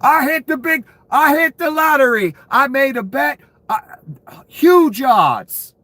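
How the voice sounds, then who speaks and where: A man voicing a giddy male gambler who panics over his winnings, his voice pitched well above his own. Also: slow, no room sound, heavily acted. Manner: excited, then deflated.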